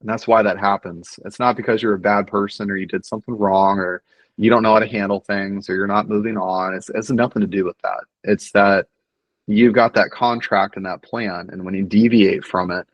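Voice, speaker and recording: Middle-aged male guest, low voice, dry close sound, earnest and reflective talk. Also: steady tone, a little fast, no room sound, muffled recording. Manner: earnest, reflective, many fillers and restarts. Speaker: podcast guest. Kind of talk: casual conversation.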